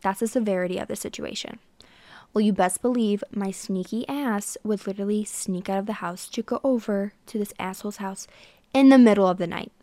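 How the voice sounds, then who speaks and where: A woman's voice: medium pitch, darkish tone, dry recording. Chatty sarcastic young woman podcaster. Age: 20s. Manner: chatty and sarcastic, talks straight to listeners. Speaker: podcast host. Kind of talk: casual chat monologue.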